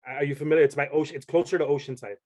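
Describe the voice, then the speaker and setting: A man's voice: on the high side, fairly even intonation, very fast, darkish tone. A young man, a podcast guest, telling a story in casual chat and rambling with many restarts.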